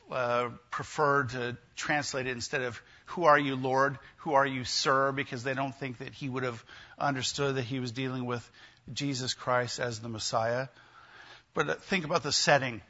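Heard on lo-fi sound, this pastor speaks with a medium pitch and a sharp tone. His preaching feels like a conversation, and he often turns to his listeners with questions.

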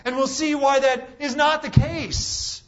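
A man preaching a sermon to a congregation, emphatic and full of rhetorical questions, with dramatic pauses. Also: very high voice, steady tone, lo-fi sound.

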